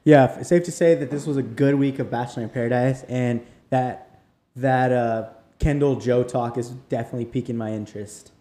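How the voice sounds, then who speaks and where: A young man co-hosts a casual podcast, laid-back and slangy, and full of curious questions. His voice is mellow and dark in tone, at a middle pitch. The room around him echoes. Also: steady tone, brisk. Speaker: podcast co-host. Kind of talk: casual recap chat. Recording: roomy echo.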